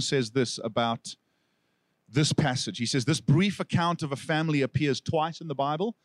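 A man with a South African accent preaching a sermon, telling stories with lively delivery and acting out the people he quotes. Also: on the high side, dry recording. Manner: animated storytelling, acts out quoted figures. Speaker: pastor.

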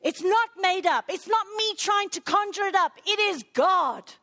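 A middle-aged woman preaching a sermon, emotional and swinging between hushed, slow passages and urgent appeals. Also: very high-pitched, lively intonation.

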